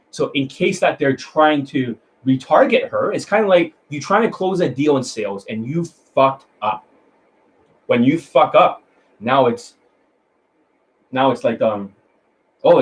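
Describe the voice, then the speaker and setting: A man's voice: mid-range voice, slightly rough. A man, a dating coach from Canada, talking to his students in a blunt, rambling, profane monologue and scolding them.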